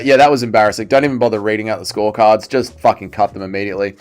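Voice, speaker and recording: A young Australian man hosts a livestream, racing through crude, mocking fight commentary with few pauses. His voice is lowish and fairly even in intonation, and he's profane, reading chat aloud and answering it.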